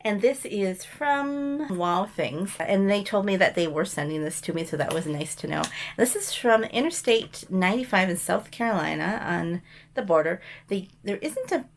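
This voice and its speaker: A woman's voice: medium pitch, expressive, normal speed. A woman chatting casually as she shows mail and thrift finds, rambling with frequent ums and restarts. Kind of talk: casual show-and-tell chat.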